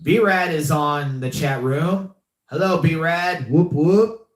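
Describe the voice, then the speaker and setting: A man's voice: fairly high pitch, takes it slowly, a bit bright. A man hosting a casual live podcast, rambling and repeating himself with many fillers as he reads the chat. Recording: echoey room.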